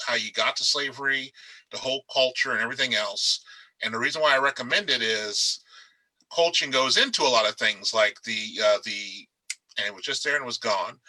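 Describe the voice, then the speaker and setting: Bright-voiced man chatting on a panel. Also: mid-range voice, poor audio. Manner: animated, rambling, emphatic. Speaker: author on a panel. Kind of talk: casual panel discussion. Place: darkened room.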